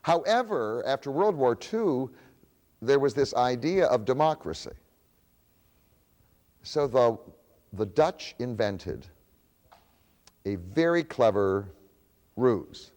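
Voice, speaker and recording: A man's voice: medium pitch, big pitch swings, takes it slowly, pauses often, a little mellow, in a large hall. A man giving a public lecture, who poses rhetorical questions and answers them himself.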